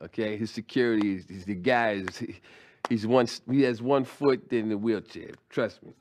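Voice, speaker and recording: A man's voice: fairly low pitch, fairly even intonation, moderate pace, a little mellow. A middle-aged man doing stand-up, telling a story in a loose, conversational way with slang and restarts. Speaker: stand-up comedian.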